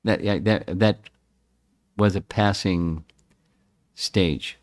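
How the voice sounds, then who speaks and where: Man in his 70s, low pitch, dry sound; reflective devotional lecturer. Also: steady tone, drawn-out words, dry recording. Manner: reflective, repeats and restarts words. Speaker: scripture class speaker. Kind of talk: devotional scripture talk.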